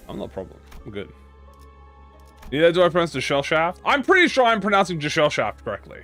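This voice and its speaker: A man's voice: a little high, sing-song, fast talker, fairly bright tone, soft background music. A man casually talking to his chat while playing a game, rambling, self-mocking and swearing freely. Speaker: streamer. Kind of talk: casual live-stream game commentary to chat.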